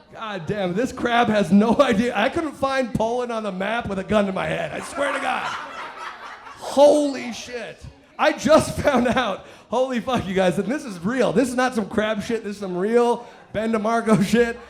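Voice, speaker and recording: A man doing stand-up comedy on a live stage, profane and rambling, working the crowd with bursts of shouting. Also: high voice, measured pace.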